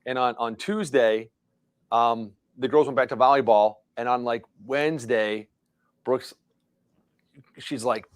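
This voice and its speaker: A man's voice: medium pitch, steady tone, a little slow, pauses often, clear, resonant tone, no room sound. A middle-aged man co-hosting a live show, telling a long rambling story in casual chat. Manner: rambling storyteller, many restarts. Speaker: co-host.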